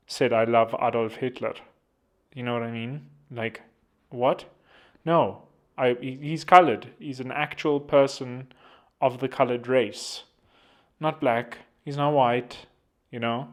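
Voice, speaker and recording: A man talks to camera in a loose, rambling commentary. He is from South Africa and speaks at a middle pitch. He keeps breaking off into sarcastic side remarks and asking himself where he was. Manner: digressive, sarcastic, self-interrupting asides. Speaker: commentary vlogger.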